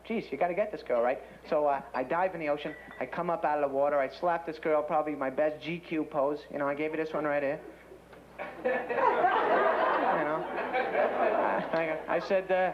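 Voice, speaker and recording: A man's voice: a little high, a little hiss or hum. Young male stand-up comic, rambling. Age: young adult. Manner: rambling, self-mocking, excitable. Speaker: stand-up comedian. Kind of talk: stand-up set. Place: comedy club stage. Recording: muffled old TV tape, loud crowd. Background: loud audience laughter.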